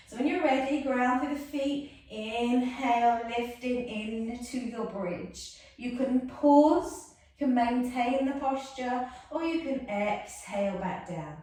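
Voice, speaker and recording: A woman's voice: fairly high pitch, unhurried, a little mellow. A woman guiding a yoga class, soothing and chatty, with self-mocking asides. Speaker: yoga instructor. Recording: echoey room, mic far off.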